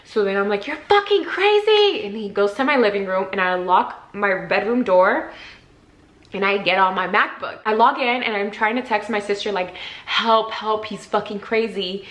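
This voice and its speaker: A woman's voice: mid-range voice, moderate pace. Chatty young woman, roomy sound. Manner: chatty, frequent "like" fillers; acts out quotes with sudden shifts in loudness. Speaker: vlogger. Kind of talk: casual storytime. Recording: roomy echo.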